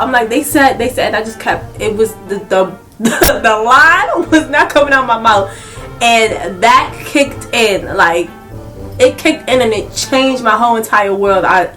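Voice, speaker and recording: A young adult woman telling a casual story-time vlog, animated and laughing a lot as she talks. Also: fairly high pitch, measured pace, soft background music. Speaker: vlogger.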